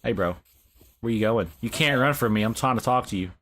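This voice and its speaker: A man voicing a meek male trader creature from a block game who begs not to be hurt, in a whiny voice pitched above his own. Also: a little fast, fairly bright tone. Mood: pushy. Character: pleading male wandering trader mob, meek.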